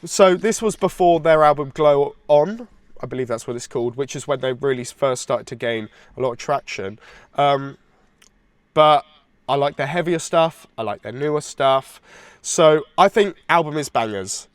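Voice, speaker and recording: A man with a slightly high voice co-hosts a casual music podcast, sounding stuffy and congested from hay fever. He rambles eagerly, restarting sentences, recorded close on a dry, deadened mic. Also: normal speed, no echo. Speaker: podcast co-host.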